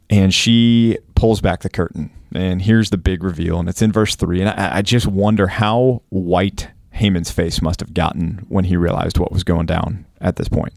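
Low-voiced man retelling scripture casually. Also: normal speed, creaky, hardly any pauses, no echo, studio quality. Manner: relaxed, storytelling retelling with fillers. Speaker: podcast co-host. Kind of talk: casual Bible study chat.

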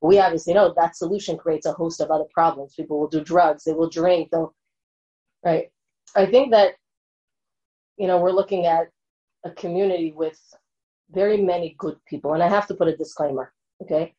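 A woman's voice: on the low side, steady tone, normal speed, long pauses, dark tone, lo-fi sound. A woman lecturing and answering an audience question in an earnest way, often checking in with her listeners.

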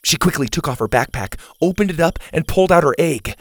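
A man narrating a children's adventure story in a lively storytelling manner. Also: fairly high pitch, a little fast, slight background noise.

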